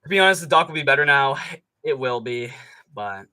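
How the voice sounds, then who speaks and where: Sarcastic young man ranting with a lively pitch. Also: a little fast, clear, resonant tone. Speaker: streamer host. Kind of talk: live fight reaction commentary.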